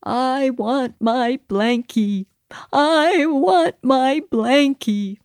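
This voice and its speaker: A woman voicing a crying three-year-old boy who whines and pleads in a drawn-out way. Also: sits high, darkish tone, no room sound, studio quality, voice pushed up. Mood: whiny.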